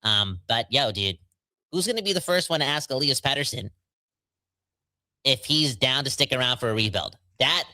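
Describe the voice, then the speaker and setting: A man hosting a hockey podcast, joking around and rambling with many fillers. His voice is very bright and sharp. The sound is dry, with no room echo. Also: mid-range voice, expressive, normal speed, pauses often. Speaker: podcast host. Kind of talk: casual podcast chat.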